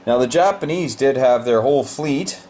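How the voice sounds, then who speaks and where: A man's voice: medium pitch, animated, moderate pace, mellow, a little hiss or hum. A man casually walking through the state of a board game, explaining moves in a loose, rambling way with many fillers.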